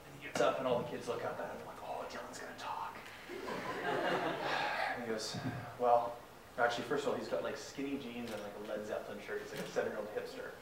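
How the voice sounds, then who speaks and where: A young Canadian man gives an enthusiastic guest talk in a large hall, telling a story and acting out the quotes. His voice is medium-pitched and fairly quick, and the recording is very noisy, with an echoey room, a distant mic and faint ambience.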